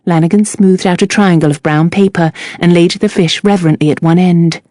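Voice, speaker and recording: Woman audiobook narrator, lowish voice, measured reading, very dry close recording. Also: steady tone, warm tone, no echo. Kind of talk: scripted narration.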